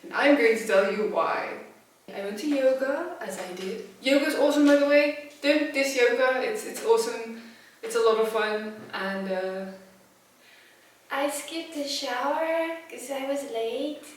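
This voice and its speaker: A woman telling a comedic personal anecdote as a storyteller, animated and self-mocking, with big swings in pitch and loudness. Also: measured pace, slight background noise. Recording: very echoey room, from a distance.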